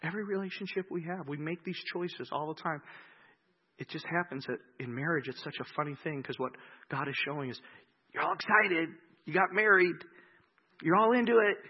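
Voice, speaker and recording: A male pastor delivers a sermon, moving back and forth between loud, emphatic quotes he acts out and slow, gentle moments of reflection. His voice sits on the higher side, animated and husky, and the recording sounds lo-fi.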